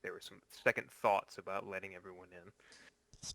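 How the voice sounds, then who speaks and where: A man's voice: low voice, steady tone, normal speed, creaky, bright, forceful tone, no room sound, rough recording. A man playing a tabletop game, explaining his character's actions as he thinks aloud. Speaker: player.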